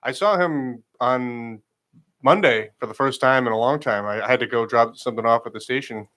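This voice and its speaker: Male radio co-host, middle-pitched, halting, restarts sentences often. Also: sharp tone. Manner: hesitant, repeats words. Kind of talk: casual radio banter. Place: radio studio.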